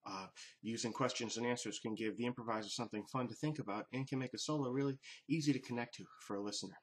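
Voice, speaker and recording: A male music teacher walks learners through a lesson on improvising. His pitch sits in an ordinary middle range. He explains calmly and methodically, like a patient instructor. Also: quick pace.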